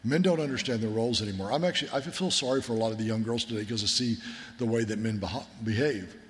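A man's voice: on the low side, quick pace. Man preaching in a reverberant hall. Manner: conversational storytelling, earnest and folksy. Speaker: military chaplain. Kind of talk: sermon with war stories.

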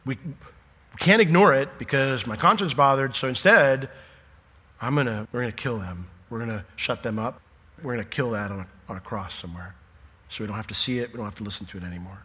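A middle-aged man preaching a sermon, lively and joking, acting out imagined conversations before dropping to a quieter, earnest tone. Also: medium pitch, normal speed, slightly rough, in a large hall. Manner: animated, jokey, acts out imagined dialogue.

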